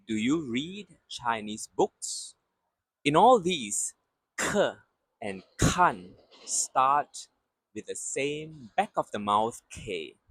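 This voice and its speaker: A man teaching pronunciation, slowly repeating syllables and short words and explaining them in English. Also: on the high side, a bit bright, husky. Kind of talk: slow, deliberate lesson drilling sounds for repetition.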